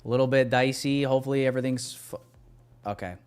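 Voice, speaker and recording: A man's voice: mid-range voice, fairly even intonation, fast talker, darkish tone, smooth, faint music behind. A young man giving live commentary on his trades to a stream chat, casual and self-deprecating.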